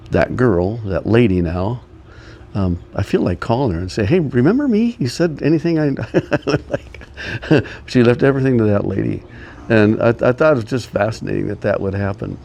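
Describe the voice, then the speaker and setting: A man's voice: fairly low pitch, vocal fry, dark tone. An older man telling rambling personal stories in a casual, meandering way, chuckling often. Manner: meandering, chuckling, many pauses. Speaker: storyteller. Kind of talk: casual storytelling.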